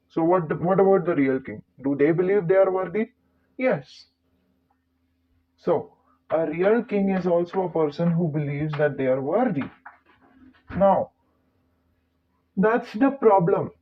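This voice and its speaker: A man hosting his own vlog. He talks casually to camera, chatty and digressive, with playful asides. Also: on the high side. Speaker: channel host. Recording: tinny phone-like sound.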